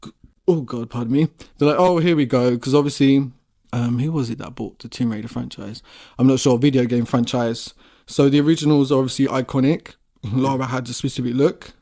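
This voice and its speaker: A man's voice: medium pitch, fairly even intonation, fairly quick, mellow. A man co-hosting a podcast, chatting casually in a rambling, profane, laid-back way. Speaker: podcast co-host. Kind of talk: casual chat.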